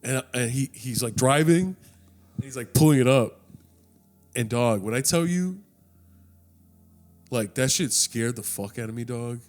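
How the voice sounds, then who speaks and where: A young man telling a story in a casual podcast chat, animated and profane, acting out the people in his tale. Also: mid-range voice, unhurried, pauses often, faint music behind.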